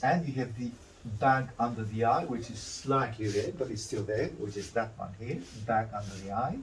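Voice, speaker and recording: A man's voice: medium pitch, moderate pace, distant mic, a little hiss or hum, poor audio. A man teaching a drawing demonstration, talking through each step and correcting himself as he goes. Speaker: art instructor.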